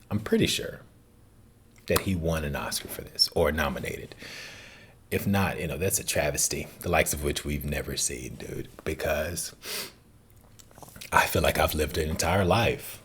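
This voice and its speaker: A man's voice: a bass voice, a little slow, a bit bright, a little hiss or hum. A man talking casually and earnestly as a movie reaction host, rambling and calling the listener dude and man.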